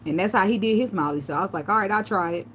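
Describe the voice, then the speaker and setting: A woman vlogger telling loose, profane stories in a relaxed chat, laughing often. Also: mid-range voice, very fast, a little hiss or hum. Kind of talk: casual livestream chat.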